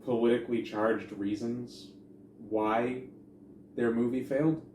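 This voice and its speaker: A man's voice: mid-range voice, steady tone, a little slow, darkish tone. Wry man in an echoey room. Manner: wry, sarcastic, laughs often. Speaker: podcast co-host. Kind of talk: casual movie chat. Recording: echoey room, faint noise.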